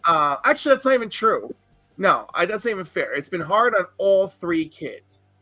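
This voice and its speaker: A man's voice: high-pitched, sing-song, moderate pace, bright, forceful tone, dry recording, faint music behind. A man in casual podcast chat, telling a long personal story in a rambling, earnest way and swearing freely. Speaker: podcast co-host.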